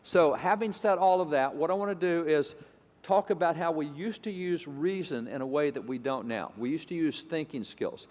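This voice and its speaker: A man's voice: fairly high pitch, lively intonation, moderate pace, a little mellow, long reverb tail. A man giving an emphatic, repetitive lecture to an audience. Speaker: speaker.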